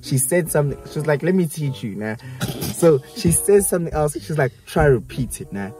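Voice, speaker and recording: Young man, vlog host, slangy storytelling, lively pitch, faint music behind. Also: brisk. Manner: animated, slangy, laughs often. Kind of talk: casual storytelling chat.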